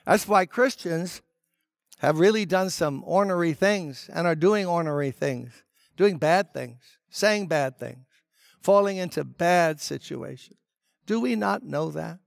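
A man's voice: sits high, creaky, dry recording, studio quality. An older man, a pastor, preaching an emphatic, conversational sermon full of rhetorical questions.

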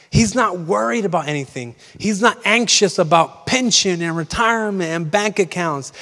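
A young man preaching a casual, story-driven sermon as pastor, full of fillers like "like" and "um". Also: high voice. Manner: chatty storytelling, lots of fillers. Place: large church. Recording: long reverb of a large church.

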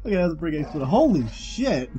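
A man's voice: fairly high pitch, very animated, rapid-fire, mellow, highs cut off. A man riffing sarcastically and crudely while friends play a video game. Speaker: co-commentator on a game playthrough. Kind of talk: casual joking chat. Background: game music.

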